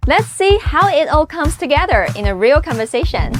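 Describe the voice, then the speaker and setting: A woman teaching a scripted language lesson, patient and deliberate, pausing for the listener to repeat after her. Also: high-pitched, very animated, dry recording, clean studio sound, soft background music. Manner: patient, slow drilling with repeat-after-me prompts.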